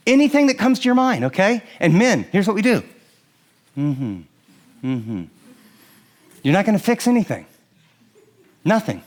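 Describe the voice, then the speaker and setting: A middle-aged man preaching on marriage, lively and laughing often as he acts out what husbands and wives might say. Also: high voice, moderate pace, pauses often. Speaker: pastor. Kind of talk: sermon on marriage to a live audience.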